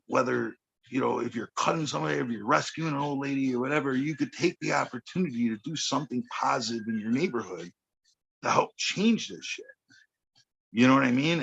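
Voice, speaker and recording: A man's voice: medium pitch, creaky, fairly bright tone, breathy edge, muffled recording. A man, telling a street story on a podcast in a blunt, profane way, often checking in with "okay.". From Chicago. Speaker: podcast guest. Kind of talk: casual storytelling chat.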